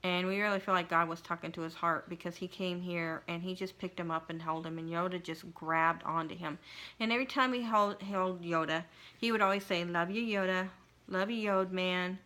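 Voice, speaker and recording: A middle-aged woman vlogger telling a personal story in an emotional, halting way, with frequent restarts and pauses. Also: lowish voice, steady tone, bright, forceful tone. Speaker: craft vlogger.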